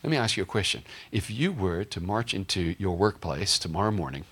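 A man's voice: deep voice, expressive, a little fast, fairly bright tone, husky. A male pastor preaching a sermon in a conversational, humorous way, often asking the congregation questions.

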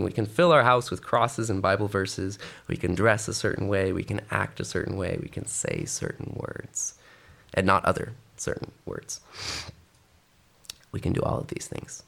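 A man's voice: fairly low pitch, vocal fry. A man preaching a sermon who reads scripture aloud and then urges his listeners on. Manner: expressive, reading scripture then exhorting the congregation.

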